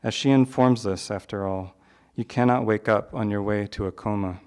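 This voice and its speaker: A man's voice: lowish voice, a little mellow, smooth. Man reading a poised literary introduction. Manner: measured, literary delivery. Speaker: event host introducing a poet. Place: live reading venue.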